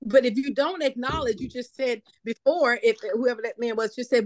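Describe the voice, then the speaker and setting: A woman's voice: a little high, fairly quick, hardly any pauses, no room sound. Chatty woman pastor, dry close sound. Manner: conversational, thinking aloud with many fillers. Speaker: pastor, class participant. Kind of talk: discussion contribution.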